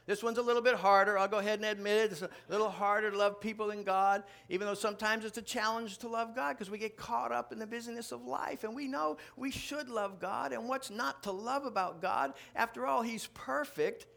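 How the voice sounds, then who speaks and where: A man preaching a sermon to a live congregation, joking and building to loud, animated outbursts. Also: high-pitched, fairly quick, vocal fry, few pauses. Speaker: pastor. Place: church before a live congregation.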